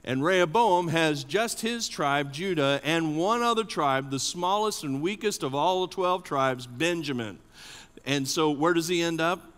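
A man preaching a sermon as an associate pastor, animated and often asking the congregation questions. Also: a little high, unhurried, smooth. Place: church sanctuary. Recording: long church reverb.

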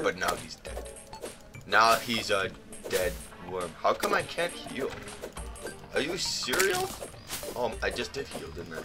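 A man's voice: lowish voice, a little slow, pauses often. Panicky, shrieking young gamer guy. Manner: excitable, shrieks in panic, silly exclamations. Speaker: gaming channel host. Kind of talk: let's play commentary. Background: game music.

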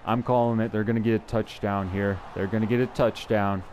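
A man's voice: lowish voice, fairly even intonation, brisk, darkish tone, slight background noise. A young man giving casual, chatty commentary over his own football video game, thinking aloud and poking fun at his own play. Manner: chatty, self-deprecating, thinks aloud with restarts. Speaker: gameplay commentator. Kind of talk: casual live gameplay commentary.

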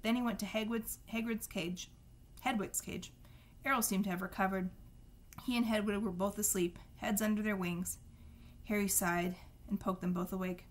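A woman's voice: medium pitch, steady tone, normal speed. Woman reading a novel aloud. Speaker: reader.

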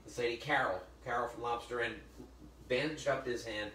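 With a mid-range, slightly bright voice and fairly even intonation, a man talks a little fast as he hosts a live cooking demo. He's a chatty, joking chef who weaves in stories and keeps calling his audience "folks." The sound is roomy and distant, with faint noise, suggesting a kitchen or library demo room.

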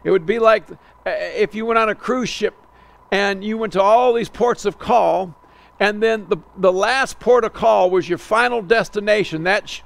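A male pastor preaching an expository sermon, slowing to stress key words and often restarting phrases. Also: high-pitched, gravelly.

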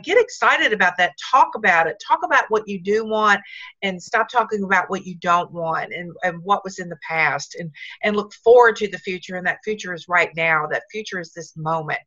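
Bright-voiced woman coaching over dull call audio. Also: medium pitch. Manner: upbeat, repetitive coaching. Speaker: team leader. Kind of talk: motivational video call talk. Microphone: video call.

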